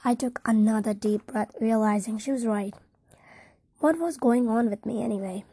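A woman narrating a first-person audiobook in a soft, close reading. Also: fairly high pitch, normal speed, husky, dry recording.

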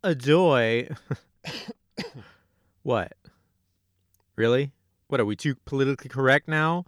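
A man hosting a comedy show, delivering mock news jokes and bickering in a deadpan, defensive way. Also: mid-range voice, slow pace, no echo, clean studio sound. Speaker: comedy podcast host.

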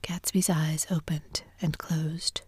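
A woman reading a novel aloud in a soft, even whisper, a whispered role-play storytelling. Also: deep voice, takes it slowly, breathy edge, no echo. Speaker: narrator.

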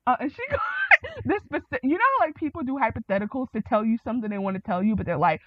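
A woman podcast host in a casual TV recap chat, animated and acting out quotes with big jumps in pitch. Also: fast, dry recording. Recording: dry tinny phone-like sound.

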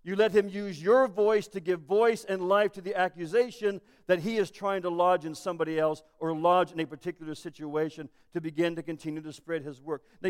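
A man's voice: high voice, in a large hall. A man preaching a sermon as pastor, emphatic and full of rhetorical questions.

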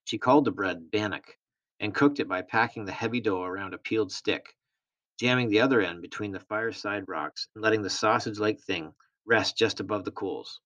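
A man reading a novel aloud in a steady, plain storytelling manner. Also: lowish voice, brisk. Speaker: reader.

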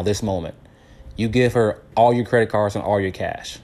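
A man in his late thirties talks in a casual, animated monologue. His voice sits somewhat low, and he stumbles and repeats words as he tells a story. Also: normal speed. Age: 30s. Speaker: advice talker.

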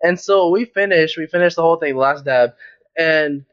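A man's voice: fairly high pitch, normal speed. Rambling young man, dull lo-fi audio. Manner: rambling, animated retelling with many fillers. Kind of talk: casual storytelling chat.

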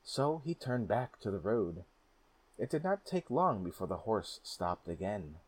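Calm as a storybook narrator, a man reads a folk tale at an unhurried, steady pace. His voice is low with a slight huskiness.

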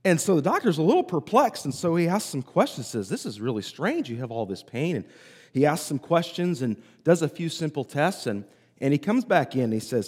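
A man preaching a sermon, telling a story in a conversational way and pausing often. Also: a little high, sing-song, darkish tone, husky. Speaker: pastor. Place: church sanctuary. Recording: hall reverb.

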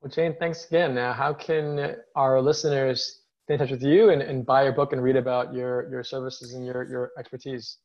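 A man's voice: mid-range voice, flat delivery, normal speed, few pauses, a little mellow. A man hosting an interview podcast, friendly and encouraging toward his guest. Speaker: podcast host. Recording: dull lo-fi audio.

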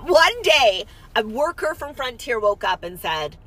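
A woman chatting casually from a parked car, her voice bright and a little husky. She retells events in animated detail, slipping into quoted dialogue. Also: on the high side, a little slow. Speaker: storyteller recounting an errand. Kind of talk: casual chat.

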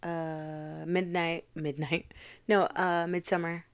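A woman's voice: on the low side, little pitch movement, slow, smooth. A young woman co-hosting a podcast, chatting casually with giggles and effusive praise. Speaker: podcast co-host. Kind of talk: casual chat.

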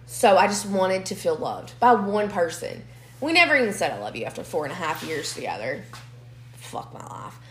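A woman's voice: on the low side, fairly quick. Young woman telling a messy story, cusses a lot, echoey room. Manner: blunt, swears freely, animated storytelling. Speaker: podcast co-host. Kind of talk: casual storytelling chat.

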